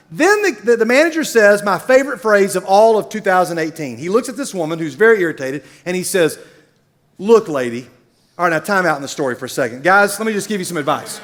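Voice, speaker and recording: A man's voice: sits high, brisk. A middle-aged man from Middle Tennessee, telling a comic story in a sermon as a university speaker, acting out the people in it. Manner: animated, comic storyteller who acts out characters.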